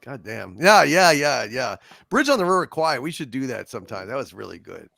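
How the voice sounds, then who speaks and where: A man hosting a casual livestream about movies, chatty and animated, reading viewer messages and laughing often. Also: medium pitch, fairly quick, vocal fry, dry recording, clean studio sound. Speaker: podcast host.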